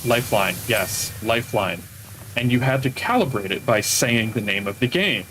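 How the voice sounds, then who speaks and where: A man's voice: medium pitch, expressive, normal speed, sharp tone, a little hiss or hum, low-quality recording. A man streaming games, telling long casual stories that trail off and restart. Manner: rambling storyteller, trails off mid-sentence. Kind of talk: casual chat while gaming.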